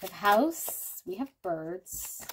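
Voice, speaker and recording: A woman's voice: mid-range voice, big pitch swings, drawn-out words, a bit bright, slight background noise. A woman giving a casual pick-a-card reading, talking candidly and thinking aloud. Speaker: tarot card reader.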